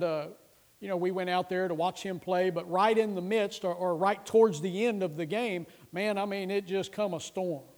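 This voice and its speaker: A man's voice: sits high, a little mellow. A middle-aged male pastor preaching a sermon, emphatic, repeating phrases and reciting scripture in a raised voice.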